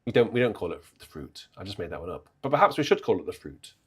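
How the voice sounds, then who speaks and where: A man's voice: low-pitched, very animated, quick pace, fairly bright tone, husky. A British man hosting a livestream from the organ, chatting playfully and teasing viewers in the chat.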